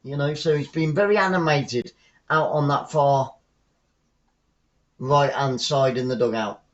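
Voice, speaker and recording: A man hosting a live fan stream from home, giving casual football commentary with chatty, rambling asides that turn excitable when the play heats up. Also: mid-range voice, unhurried, muffled recording. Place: at home, watching the match remotely.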